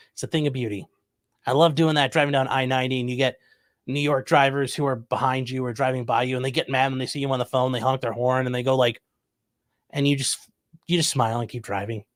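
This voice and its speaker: A man's voice: medium pitch, no room sound. Joking man reading chat in a dry room. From Ohio, USA. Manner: reads viewer comments aloud and answers with dry, joking asides. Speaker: livestream host reading chat. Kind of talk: casual chat.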